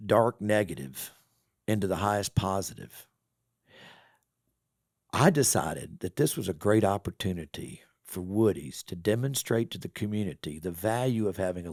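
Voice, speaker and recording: A middle-aged man telling a story in a casual podcast interview, folksy and animated. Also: low voice, gravelly, no room sound, clean studio sound. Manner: folksy, animated storyteller acting out quoted voices. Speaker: business owner and real estate developer.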